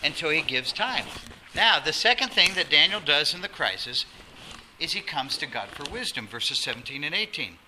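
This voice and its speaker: A man preaching a sermon as pastor, animated, acting out quotes and dropping to a soft voice for emphasis. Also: on the high side, normal speed. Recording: noisy sermon recording.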